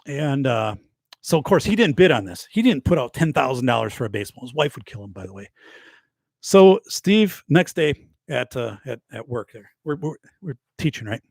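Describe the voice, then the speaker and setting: A man in his late forties, a podcast host, telling a rambling, animated anecdote with many restarts, recorded close on a podcast mic. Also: medium pitch, moderate pace, gravelly, husky, no echo. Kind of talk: casual storytelling. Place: home studio.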